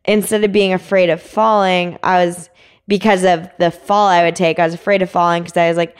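A woman's voice: lowish voice, flat delivery, brisk, clear, resonant tone. A young woman telling a climbing story in a casual interview, chatty with many fillers. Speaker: climbing guest.

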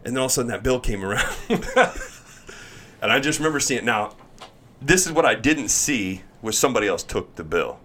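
A man, a guest on a podcast, chatting casually and telling animated stories, laughing often and acting out the voices of others. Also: mid-range voice, fairly quick, pauses often, background noise. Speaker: podcast guest, pro baseball pitcher. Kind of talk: casual chat, animated storytelling.

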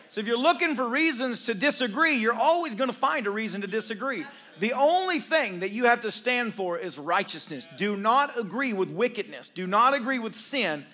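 A male pastor preaching a sermon to his church, calling for responses and rising to shouts, with joking asides. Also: extremely high pitch. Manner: call-and-response with congregation.

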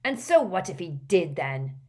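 A woman puts on a filthy old man full of contempt, snarling and sneering as he threatens his family. His voice sits low and heavy. It is an audiobook figure read with plain menace. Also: big pitch swings, a little slow.

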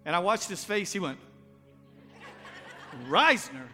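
A pastor from Texas preaches a folksy, joking sermon conversationally, his high, bright voice forceful and lively in intonation at a moderate pace. A long reverb fills the church sanctuary, and faint music plays beneath.

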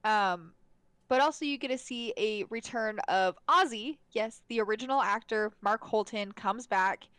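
A woman's voice: on the high side, moderate pace, a bit bright, no room sound. A young adult woman in casual podcast chat, recapping a film with many fillers, restarts and frequent laughs. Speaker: podcast co-host. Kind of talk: casual chat reviewing a movie.

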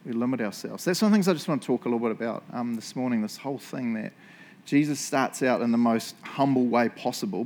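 A man with a New Zealand accent preaching a sermon in a church, chatty and joking, often tagging lines with "eh?" and "right?". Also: mid-range voice. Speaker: pastor.

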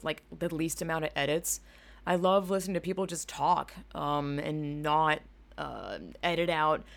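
A young woman talking casually on her own podcast, her voice sitting a little low. She rambles from one topic to the next, swears freely and throws in animated asides. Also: creaky. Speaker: podcast host. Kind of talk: casual solo podcast chat. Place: home room at a computer. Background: keyboard clacking.

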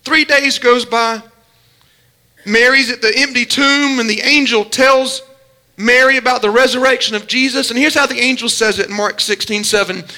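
A male preacher, delivering a sermon as dramatic storytelling that swings from hushed lows to shouted pleas. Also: fairly even intonation, moderate pace.

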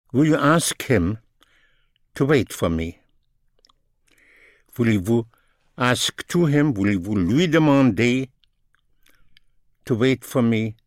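Slow man drilling phrases. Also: on the low side, a little mellow, no room sound, studio quality. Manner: slow, repeats each phrase and explains grammar. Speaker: French teacher. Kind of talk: language lesson, phrase by phrase.

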